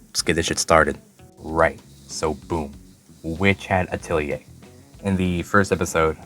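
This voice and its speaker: Low-voiced man in a rambling, profane recap. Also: fairly bright tone. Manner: rambling, stumbles over words, swears freely. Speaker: anime reviewer. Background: faint background music.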